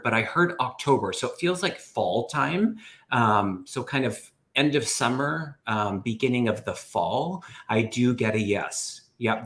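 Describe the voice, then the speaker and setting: Guy giving psychic readings on a live stream, lots of ums, halting, laughs easy. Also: medium pitch, fairly bright tone. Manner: halting, many fillers, laughs easily. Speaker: guest medium. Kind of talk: casual live-stream chat.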